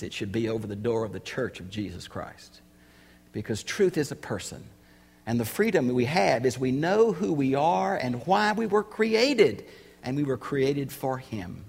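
Gravelly preacher. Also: male voice, medium pitch, big-room sound. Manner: emphatic, rises to loud rhetorical questions. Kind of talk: sermon.

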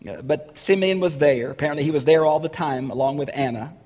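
A man preaching a sermon, emphatic and building to loud rhetorical questions. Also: a little high, a little fast, big-room sound.

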